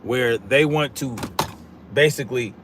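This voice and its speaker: Hosting a political live stream, this man reads out chat comments and speaks bluntly and combatively, projecting his voice in casual slang and returning to catchphrases. His voice is medium-pitched and unhurried, with background noise behind it.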